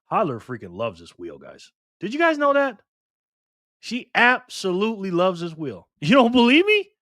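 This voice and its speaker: A man hosting a casual live stream, reading comments aloud and answering viewers by name in a lively, playful way with lots of laughs and slang. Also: high voice, normal speed, no room sound, clean studio sound. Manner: mixes slang and internet abbreviations into speech.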